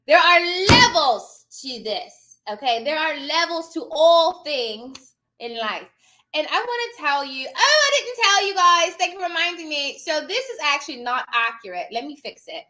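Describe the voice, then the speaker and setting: A woman's voice: high-pitched, animated, normal speed, pushed and bright. A woman hosting a casual live stream and coaching her audience. She is hyper and playful, calls everyone darling, and slips into a playful posh put-on accent. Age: adult with children. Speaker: host and notary business coach.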